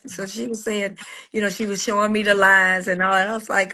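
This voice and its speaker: A woman in casual livestream chat who tells stories with animated quoted voices and laughs often. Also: mid-range voice, normal speed. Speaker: guest, gospel singer and cosmetics entrepreneur. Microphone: video call.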